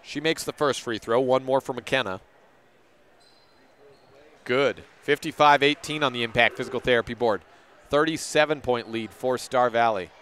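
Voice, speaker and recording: Calling play-by-play for a high school girls' basketball game on local radio, a man keeps a brisk pace and sometimes corrects names. He sounds a bit bright, clear and resonant.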